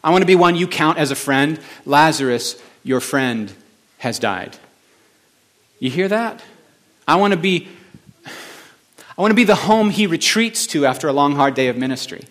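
A male pastor delivering a conversational sermon in a slightly high voice. He moves easily between soft, reflective asides and emphatic, rising declarations. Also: expressive, moderate pace, pauses often. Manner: conversational preaching that swings from hushed to emphatic.

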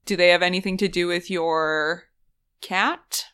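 Tabletop player, a woman with a lowish, bright voice, hesitant and filler-heavy. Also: fairly even intonation, a little slow, smooth. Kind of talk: tabletop role-play chat.

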